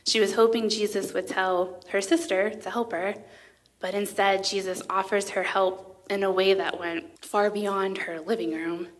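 A woman's voice: medium pitch, steady tone, unhurried. A woman speaking at a women's conference, giving a sermon in a conversational tone with frequent filler words. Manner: reads scripture passages aloud.

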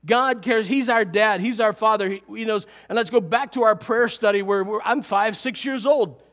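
A middle-aged man preaching a sermon to a congregation, lively and animated, often chuckling. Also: sits high, moderate pace. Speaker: pastor.

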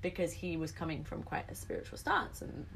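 A woman's voice: fairly low pitch, very animated, brisk, creaky, fairly bright tone, a little hiss or hum. A young woman from England talking animatedly as a podcast guest, laughing often and swearing casually. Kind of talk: casual chat.

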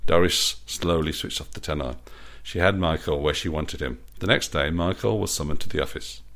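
Male storyteller, very low pitch, playful self-amused reading. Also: normal speed, fairly bright tone. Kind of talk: reading his own story aloud.

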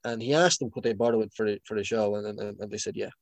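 A man's voice: fairly low pitch, fairly even intonation, fast talker, gravelly, no echo. A young man chatting casually, rambling with lots of restarts and laughs. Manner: rambling, many restarts and fillers; laughs often. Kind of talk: casual chat.

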